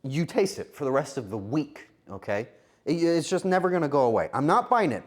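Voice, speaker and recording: A man's voice: fairly high pitch, very animated, a little fast. A male streamer chatting casually with his viewers while cooking, playful and joking. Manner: playful, joking banter with chat.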